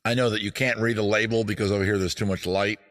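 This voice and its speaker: A man's voice: lowish voice, steady tone, quick pace, fairly bright tone. A man hosting a casual comedy stream from home, rambling loosely and swearing as he jumps between bits and asides. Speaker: comedy show host. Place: home studio. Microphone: streaming setup with cameras.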